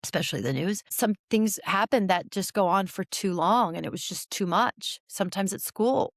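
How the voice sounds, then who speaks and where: A woman in her forties, a therapist talking as a podcast guest, explaining with animated energy and frequent restarts. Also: medium pitch, normal speed, dry recording, clean studio sound. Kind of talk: podcast interview conversation.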